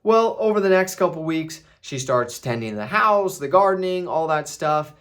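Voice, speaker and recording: A man's voice: a little high, animated, normal speed, fairly bright tone. A man casually recapping a film, rambling with restarts and fillers. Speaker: movie reviewer.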